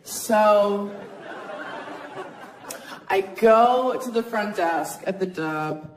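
A woman in her thirties performs a chatty, self-mocking stand-up set, often jumping into high squeaky voices to act out the people she quotes. She talks at an unhurried pace at a middle pitch. The live club recording carries a loud, laughing audience and plenty of room noise. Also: a faint crowd, rough recording. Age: 30s. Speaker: stand-up comedian. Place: comedy club stage before a laughing audience.

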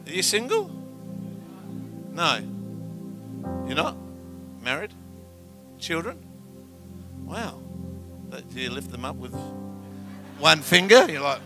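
A man preaching a sermon as a guest pastor in a church, animated and joking with the congregation. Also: fairly high pitch. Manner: animated, jokes with the congregation, acts out story voices. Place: church auditorium. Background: soft keyboard music.

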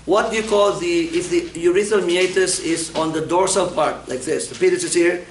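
A man's voice: high voice, normal speed, slight background noise. Joking male lecturer in an echoey classroom. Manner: humorous, asks the class questions and answers them. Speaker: medical lecturer. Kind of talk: classroom lecture with personal anecdotes.

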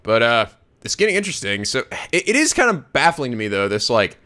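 A young man giving excitable, laughing let's play commentary and putting on silly voices for the game characters. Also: medium pitch, quick pace.

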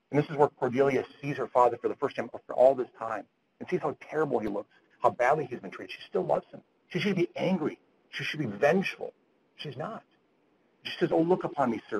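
A man's voice: medium pitch, creaky, a little mellow, slightly rough, poor audio. A man lecturing physicians at grand rounds, retelling a story earnestly and often repeating words as he goes.

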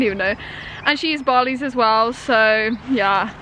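A woman's voice: a little high, normal speed, sharp tone, poor audio. A young woman, chatting casually in a rambling vlog, sometimes walking outdoors beside a road. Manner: chatty, rambling with many "like" fillers. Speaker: vlogger. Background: faint passing traffic.

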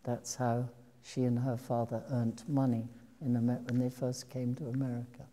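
A woman's voice: very deep voice, level tone, normal speed, warm tone. An older woman, an actress, telling meandering, reflective stories to an audience during a public talk. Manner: meandering, reflective storytelling with restarts. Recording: long hall reverb.

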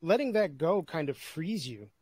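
A man's voice: on the high side, big pitch swings, normal speed, darkish tone, slightly rough, no room sound. A man hosting an interview podcast, encouraging and upbeat with his guest. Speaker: podcast host. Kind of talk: casual interview conversation.

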